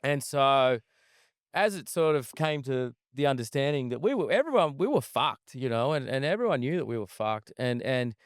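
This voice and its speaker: A man's voice: mid-range voice, big pitch swings, normal speed, smooth, no room sound, clean studio sound. A man, a guest chef, telling a long, profane story in a casual interview, recorded at an outdoor desert festival camp.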